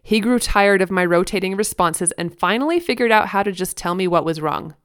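A woman in her thirties talks earnestly on her parenting podcast and laughs softly as she reads from her blog. Her voice sits in a middle range and is smooth and resonant. The recording is dry and close. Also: medium pitch, animated, brisk, dry recording. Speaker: podcast host.

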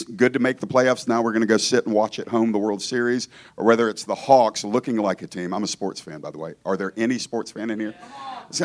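A man from Georgia preaching as a guest in a church, conversational and joking, often breaking off to restart his thoughts. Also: mid-range voice. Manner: conversational, joking, self-interrupting. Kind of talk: informal sermon.

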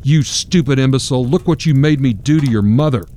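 A man's voice: medium pitch, brisk, slight background noise, voice pushed up, natural voice. A man doing a violent drunken father, snarling. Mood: enraged. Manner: snarling, yelling.

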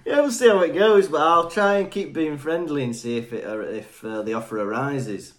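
A man co-hosting a podcast in relaxed, chatty conversation, agreeable and easygoing. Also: on the high side, moderate pace. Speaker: podcast co-host. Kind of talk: casual podcast chat.

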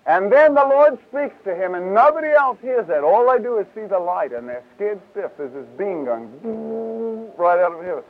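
A man teaching from the Bible in a casual, lively way, acting out the voices in the passages. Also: sits high, normal speed, few pauses. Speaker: preacher. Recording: tinny, lo-fi 1970s tape.

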